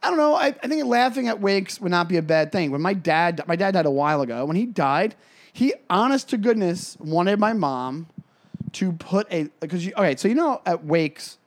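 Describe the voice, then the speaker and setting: A man with a fairly high voice chats on a comedy podcast. He tells his stories in a loose, rambling way, often starting over mid-sentence. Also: lively intonation, normal speed. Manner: rambling, self-interrupting storytelling. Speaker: podcast co-host. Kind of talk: casual comedy podcast chat.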